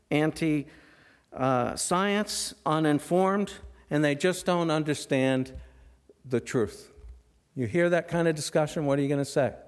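A middle-aged man preaching a sermon, posing rhetorical questions and dropping to a hush for emphasis. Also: fairly high pitch. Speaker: pastor.

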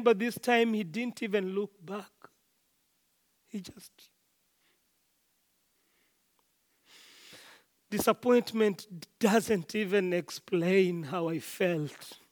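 A preacher takes on a wounded traveler left by the road, telling his ordeal in the first person. The delivery is slow and halting, with words doubled and restarted as if reliving the shock. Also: medium pitch, close to an everyday voice. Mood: despairing. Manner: halting, repeats words, dramatic retelling. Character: wounded robbed traveler man, shaken. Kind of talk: first-person dramatic monologue.

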